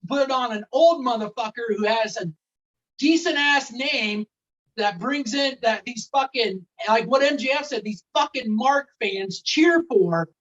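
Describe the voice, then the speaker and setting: A man's voice: extremely high pitch, unhurried, a bit bright. A man on a casual wrestling podcast, ranting with lots of swearing. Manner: profane, rambling rant. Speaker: podcast co-host. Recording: dull sound, a bit off-mic.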